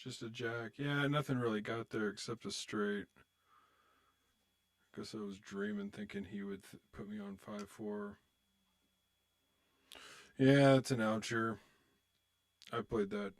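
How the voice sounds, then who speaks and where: Taking it slowly with frequent pauses, a man with a lowish voice streams online poker. He mutters to himself and swears about his hands, then chats with viewers in a cheerful, loose, joking manner typical of casual live-stream commentary.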